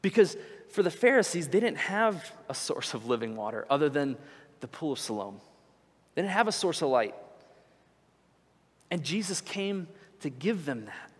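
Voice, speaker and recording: A young man preaching a sermon in a church, conversational and animated as he tells stories. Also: on the high side, normal speed, long pauses, husky, long reverb tail. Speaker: pastor. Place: church sanctuary.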